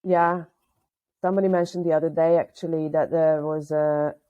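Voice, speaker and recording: Lively non-native woman, muffled call audio. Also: deep voice, moderate pace. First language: not English. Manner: lively storyteller, acts out quotes. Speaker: guest. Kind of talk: casual conversation on a video call.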